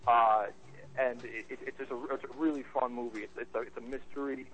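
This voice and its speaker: A man co-hosting a casual movie chat show, enthusiastic and halting, often restarting his sentences. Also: mid-range voice, steady tone, a bit bright, rough recording. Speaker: podcast co-host, movie reviewer.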